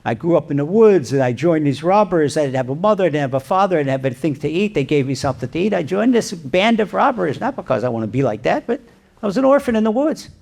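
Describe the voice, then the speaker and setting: Young orphan robber in a told story, gravelly, low and quiet, as a rabbi puts him on. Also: male voice, sing-song, quick pace, heavily acted. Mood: pleading.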